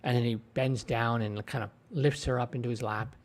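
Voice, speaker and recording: At normal speed and with fairly even intonation, a man in a mid-range voice gives a casual spoken review of a TV episode into his own desk microphone, retelling scenes loosely and with many fillers.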